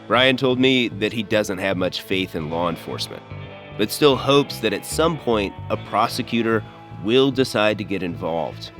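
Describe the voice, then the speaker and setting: A man with a lowish voice narrates an investigative podcast in a measured, earnest manner. Soft music plays under him. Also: animated. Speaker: podcast host and reporter.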